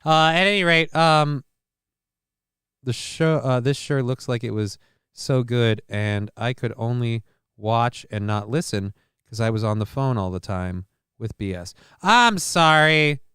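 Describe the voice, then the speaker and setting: A man hosts his own live stream, casually reading news items and riffing on them in a rambling, foul-mouthed manner. His mid-range voice is clear, resonant, and fairly bright, with fairly even intonation and an unhurried pace, captured at studio quality with no room sound.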